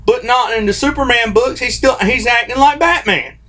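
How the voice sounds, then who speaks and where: A man's voice: extremely high pitch, moderate pace, bright, forceful tone. A man hosting his own comics commentary vlog, ranting in a heated, informal way and restarting and repeating phrases. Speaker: host of a comics commentary channel. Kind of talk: opinionated vlog rant.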